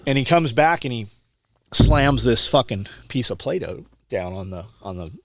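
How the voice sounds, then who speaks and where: A man talking casually as a podcast guest, telling profane, animated stories and acting out the other people's lines. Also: medium pitch, normal speed, vocal fry, slight background noise. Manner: profane, animated, acts out quoted dialogue. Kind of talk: casual storytelling conversation.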